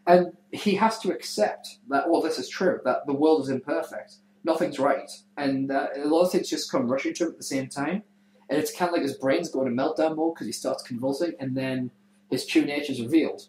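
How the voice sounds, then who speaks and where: A man hosting a casual podcast, retelling a story in a rambling, profane, animated way. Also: fairly high pitch, brisk, a little hiss or hum. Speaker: podcast host. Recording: echoey room.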